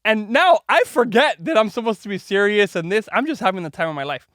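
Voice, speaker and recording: Speaking fast in a high-sitting voice, this podcast host animatedly recounts a story to his daughter, peppering it with "like" and "right?" and doing the characters' voices. The recording is dry and of studio quality.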